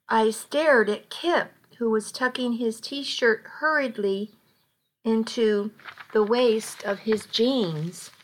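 Slow-reading woman narrator, high voice. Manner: slow, with restarts and slips. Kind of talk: amateur audiobook reading.

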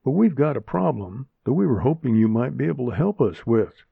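A man's voice: mid-range voice, big pitch swings, fairly quick, gravelly, slightly rough, dry recording, exaggerated voice. A man doing impatient grumpy Joe. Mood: irritated. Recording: narrow phone-like sound, dry.

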